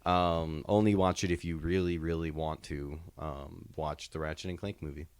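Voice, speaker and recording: A man's voice: very deep voice, flat delivery, moderate pace, clear, resonant tone. A man co-hosting a casual podcast chat, explaining his views on a game at length. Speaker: podcast co-host reviewing games and movies.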